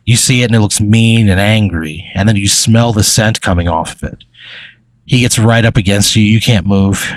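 A man's voice: lowish voice, moderate pace, no echo. A man running an improvised story game as game master, rambling with many fillers and chuckles.

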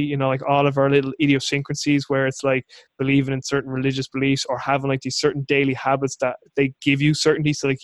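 A man's voice: medium pitch, no echo. A man hosting a casual interview, talking at length in a rambling, frank way and swearing casually. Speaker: podcast host.

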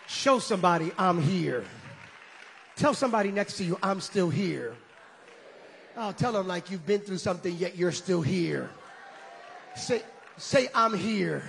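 High-voiced preacher in an echoing hall. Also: male voice, expressive, a little slow, gravelly, a little hiss or hum. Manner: impassioned, shouting climaxes, call-and-response with congregation. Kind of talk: sermon. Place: church sanctuary. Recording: long reverb of a large hall.

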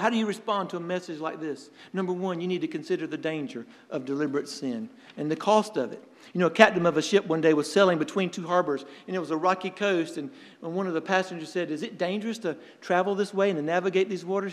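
A male pastor preaching a sermon, earnest, telling stories and pausing for effect. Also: high-pitched, big-room sound. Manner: earnest preaching with storytelling and dramatic pauses.

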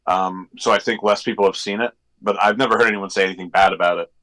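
Bright-voiced rambling podcast co-host man. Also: on the low side, fairly even intonation, fast, poor audio. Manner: rambling, digressive, many fillers. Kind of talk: casual chat.

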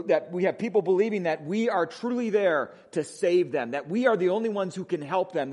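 A man with a Wisconsin accent preaching a sermon as pastor, conversational, often asking "right?", moving between emphatic lines and hushed ones. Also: high-pitched. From Wisconsin, USA.

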